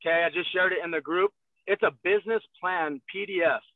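A man's voice: high voice, a little fast, dry recording. A man on a sales call giving direct coaching advice and repeating his instructions. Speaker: guest sales leader. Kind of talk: motivational sales talk on a call. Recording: tinny, dry phone-like call audio.

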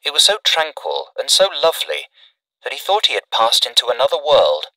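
Bright-voiced man narrating a classic story. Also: mid-range voice, wildly swooping pitch, no echo, distant mic, low-quality recording. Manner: measured, dramatic reading.

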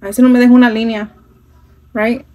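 A woman's voice: on the high side, flat delivery, quick pace, darkish tone, slight background noise, low-quality recording. A woman chatting casually through a makeup tutorial, mixing in phrases and swearing now and then, recorded on a phone at home. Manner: chatty, switching into Spanish phrases, some swearing. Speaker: makeup vlogger.

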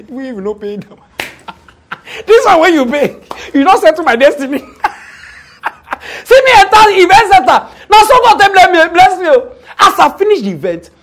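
A young Nigerian man, an event MC, tells a comic story in an animated way and acts out the people in it. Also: very high voice. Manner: animated, acts out quoted people, often laughs. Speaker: event MC and show host.

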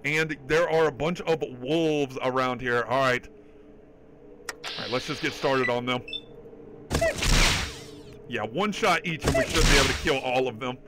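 In a very noisy recording, a man with a medium-pitched voice speaks at a measured pace with long pauses. He streams a game live over background game music, chatting casually and excitably, swearing often, reading chat and thanking donors.

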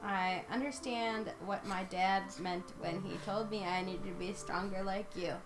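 A woman voicing a timid young village boy who is finding courage, reading game dialogue aloud in a soft, earnest tone over game music. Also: mid-range voice, fairly even intonation, measured pace, lightly acted, low-quality recording.

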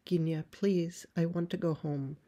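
A woman's voice: on the low side, fairly even intonation, a little slow, warm tone. A woman voicing a frightened, wounded young girl who pleads to go home. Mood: pleading. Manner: pleading, insistent refusals.

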